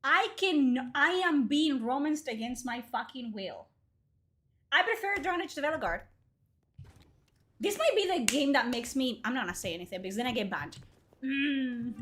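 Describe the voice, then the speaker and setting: Animated high-voiced woman streamer. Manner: exasperated, swears a lot, switches into Spanish. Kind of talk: casual gaming livestream commentary.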